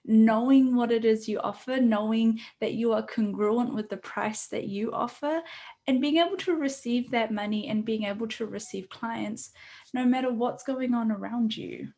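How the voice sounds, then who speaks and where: A woman talking through her ideas in a relaxed interview. Her voice sits a little high. She explains earnestly and stops to rephrase often. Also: moderate pace. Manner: earnest, explanatory, with frequent hesitations. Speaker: workshop facilitator. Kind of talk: conversational interview.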